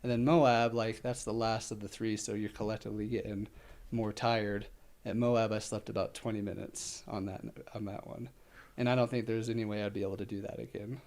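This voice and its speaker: An ultramarathon runner is a guest in a casual interview, rambling with lots of fillers, laughing easily, and sounding a bit out of breath. His voice sits fairly low, with a level tone, a slightly quick pace, and a mellow edge.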